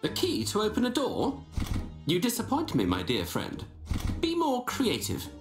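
A woman voicing a brisk, confident detective in a game, teasing and theatrical, with music and echo behind. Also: medium pitch, wildly swooping pitch. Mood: wry. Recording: game audio, echoey with music.

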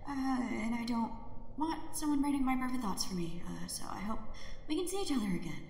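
A woman reading out a letter as a secretive, unsure letter-writer, with a halting delivery. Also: on the high side, lively intonation, gravelly, a little mellow. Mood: guarded. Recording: echoey long-reverb room with faint noise.

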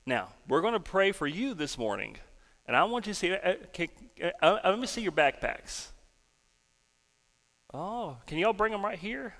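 A man's voice: high voice, normal speed, in a large hall. A male pastor giving a folksy children's sermon and prayer in a church sanctuary. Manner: animated storytelling, folksy.

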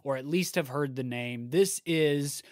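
A man's voice: a little high, unhurried, a little mellow, no room sound, studio quality. A man co-hosting a podcast about plays, talking earnestly in casual chat and often restarting his sentences. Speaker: podcast co-host.

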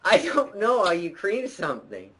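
A man's voice: high voice, wildly swooping pitch, normal speed, a bit bright, slight background noise, rough recording. A young man hosting a casual gameplay chat, goofy and joking. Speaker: channel host.

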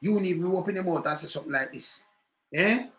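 Speaking quickly in a high voice, this Jamaican-accented man comments on politics in patois. The room echoes, and his delivery is an animated rant full of repeated rhetorical questions.

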